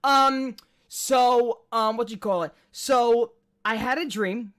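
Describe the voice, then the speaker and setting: A man's voice: very high voice, slow, a bit bright, smooth. A man co-hosting a podcast in casual chat, rambling with many restarts and frequent swearing. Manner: rambling, profane, trailing restarts. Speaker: podcast co-host.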